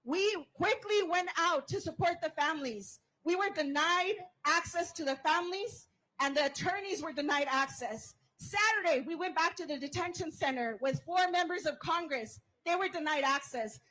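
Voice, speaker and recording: A woman's voice: very high voice, normal speed, pushed and bright, rough recording. A woman giving an impassioned protest rally speech outdoors, leading call-and-response chants as a union member.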